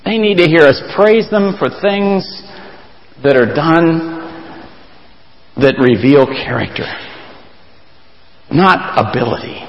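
A man preaching a sermon as a pastor, earnest and emphatic, his pitch leaping up to stress a point. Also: expressive, slow pace, pauses often, long reverb tail, rough recording.

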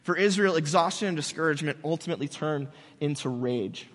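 Animated male preacher in a reverberant hall. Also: a little high, brisk. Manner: animated, conversational storytelling. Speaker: pastor. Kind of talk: casual sermon.

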